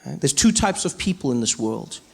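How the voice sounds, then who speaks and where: A South African man doing stand-up comedy on stage, animated and acting out voices, swinging from loud to low. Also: a little fast, gravelly, heavy background noise. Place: large arena on stage.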